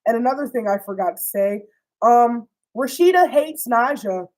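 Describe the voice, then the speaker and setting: A young woman with a slightly high voice, talking through a show's plot in a loose, slangy storytime way. She swears freely and acts out the characters' lines as she goes. Her delivery stays animated the whole way through. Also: normal speed, low-quality recording. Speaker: host recapping a TV series. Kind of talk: casual storytime chat.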